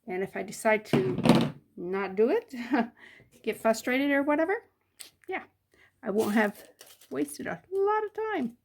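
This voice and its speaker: A woman's voice: fairly high pitch, sing-song, slow pace, gravelly, long pauses, noisy background. An older woman chatting casually as she works on jewelry, muttering to herself between remarks. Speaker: jewelry crafter. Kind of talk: casual crafting chat.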